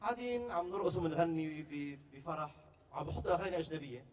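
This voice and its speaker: A man performing stand-up comedy at a staff party, telling stories with quick, playful delivery and deadpan punchlines. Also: on the high side, distant mic. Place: party venue before a live audience.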